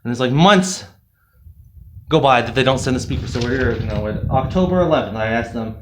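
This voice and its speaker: A man's voice: mid-range voice, fairly quick, a little hiss or hum. A man reviewing a product in a casual, rambling, sarcastic rant full of fillers. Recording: roomy echo.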